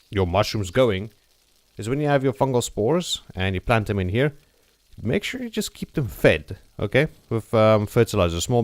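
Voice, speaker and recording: A man's voice: on the low side, dry recording. A man hosting a gameplay video, explaining his building plans step by step in a chatty, joking way. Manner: chatty, jokey, explains step by step with frequent "okay?". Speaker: gameplay channel host. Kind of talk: casual gameplay commentary.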